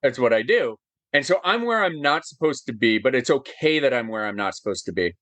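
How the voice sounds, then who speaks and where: A man in his forties, an interview guest, telling a personal story with lots of fillers, animated and getting choked up as he goes. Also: medium pitch, a little fast. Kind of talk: emotional storytelling in conversation.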